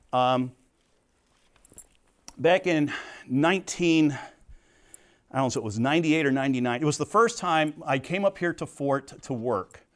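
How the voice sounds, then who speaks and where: A middle-aged man teaching a Bible study at a Christian camp, earnest and conversational, with plain storytelling asides. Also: medium pitch.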